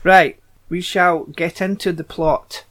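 A man's voice: high voice, steady tone, slow, fairly bright tone. A Scottish man co-hosting a casual podcast, reading plot recaps with dry, blunt asides. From Scotland. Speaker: podcast co-host.

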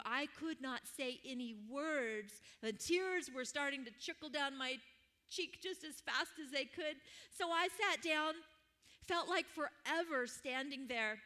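A woman's voice: high voice, unhurried. A woman in her fifties preaching a sermon, telling a personal story from her childhood church and moving into prayer and teaching. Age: 50s. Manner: warm storytelling with laughs and prayer.

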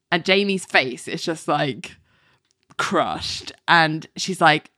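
A woman with a fairly low voice recaps a TV episode for a podcast. She talks in a loose, chatty way, full of "um" and "like". The sound is close and dry, with no room around it. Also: slow pace, pushed and bright, no echo. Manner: chatty storytelling, laughing often, many "um" and "like". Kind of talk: casual chat, episode recap.

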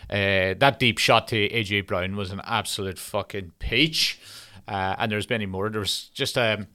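A man's voice: fairly low pitch, fairly even intonation, moderate pace, sharp tone, clear, resonant tone. A young man hosting a podcast, chatting casually in a rambling, profane, joking way. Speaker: podcast host. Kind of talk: casual chat.

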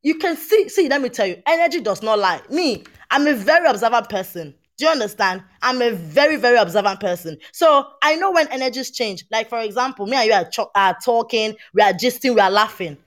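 A woman, chatting on a podcast panel and telling a story in an animated, emphatic way. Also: on the high side, a little fast, few pauses. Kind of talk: casual chat.

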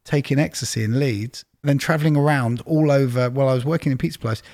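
Brief: middle-aged man, casual interview guest, anecdotal and chatty, even mid-range pitch. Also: fast. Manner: chatty anecdotal storyteller, exaggerates for laughs. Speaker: record label executive, guest.

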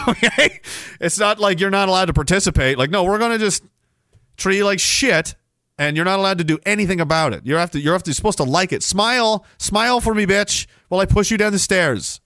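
A man's voice: high voice, sharp tone, no room sound, studio quality. A Canadian man hosting a podcast, ranting angrily in a solo commentary with sarcastic mocking asides. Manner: angry, sarcastic, mocking imitations. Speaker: podcast host.

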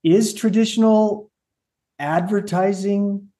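A man hosting an interview podcast, talking in an upbeat way with fillers and quick restarts. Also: sits high, fairly even intonation, dark tone. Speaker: podcast host. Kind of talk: casual interview chat.

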